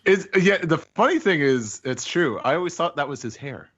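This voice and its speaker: A man co-hosting a casual podcast, telling jokes in an animated way with plenty of laughter. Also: a little high, moderate pace, highs cut off. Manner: animated, jokey storytelling with lots of laughter. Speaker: podcast co-host.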